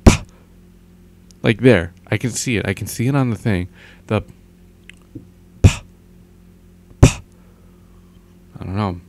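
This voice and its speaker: A young man rambles through a casual vlog monologue, stopping and restarting his sentences often. His voice sits somewhat low and sounds a little worn from talking a long time. He speaks into a close microphone with a pop filter. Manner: rambling, halting, many restarts. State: tired, overworked throat. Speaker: vlogger.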